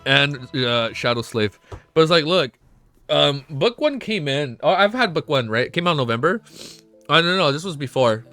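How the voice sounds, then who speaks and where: A young man streaming to his chat, excitable and emotional, swearing often and reading chat messages aloud. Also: on the high side, normal speed, faint music behind. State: emotional, close to tears. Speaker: streamer reacting to a web novel. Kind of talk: casual live-stream chat.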